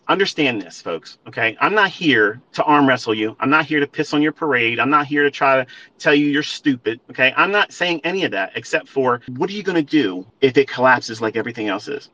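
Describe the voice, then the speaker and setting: Male trading host, forceful and bright, profane lecturing rant, dull lo-fi audio. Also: mid-range voice. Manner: blunt, swearing, lecturing listeners as folks.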